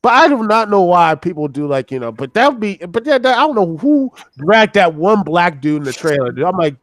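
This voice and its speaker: A young man in a loose group chat, his voice fairly high and swinging widely as he rambles through fillers and acted-out quotes. The sound is dry and close, with no room around it. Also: big pitch swings, fairly quick, hardly any pauses, dry recording. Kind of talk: casual group chat on a voice call.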